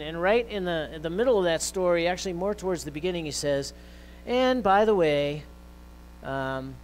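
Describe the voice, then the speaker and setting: A man preaching a sermon in a conversational way, with fillers and restarts, growing louder and more intense when he quotes scripture. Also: fairly high pitch, a little hiss or hum, low-quality recording. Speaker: pastor.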